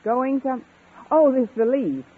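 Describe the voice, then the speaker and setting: A wisecracking schoolteacher. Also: female voice, sits high, animated, unhurried, husky, heavily acted. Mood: playful. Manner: wisecracking, playful. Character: wisecracking woman English teacher, quick-witted. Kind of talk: 1950s radio comedy acting. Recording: tinny old radio broadcast with studio audience laughter.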